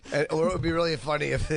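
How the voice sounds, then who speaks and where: A man co-hosting a casual podcast chat, rambling with fillers and laughing. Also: fairly high pitch. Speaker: podcast co-host.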